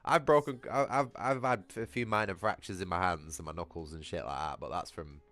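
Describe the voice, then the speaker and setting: A man's voice: deep voice, a little fast, a bit bright. A man, chatting casually with his livestream viewers, rambling, swearing freely and laughing often. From Britain. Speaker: gaming livestreamer.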